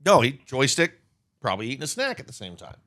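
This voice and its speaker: A man co-hosting a podcast in casual chat, full of crude jokes and quick comebacks. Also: medium pitch, wildly swooping pitch, a bit bright, no room sound. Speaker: podcast co-host.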